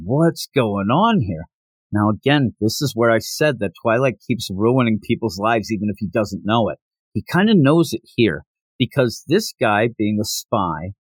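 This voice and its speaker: Animated man recapping a manga. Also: mid-range voice, no echo. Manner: animated, acts out characters' lines and sound effects. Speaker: podcast host recapping manga. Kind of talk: casual recap with quick voiced quotes.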